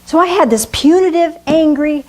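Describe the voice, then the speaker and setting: A woman preaching a sermon, slow and earnest, with dramatic pauses. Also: high voice, lively intonation, a little mellow, poor audio. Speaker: pastor.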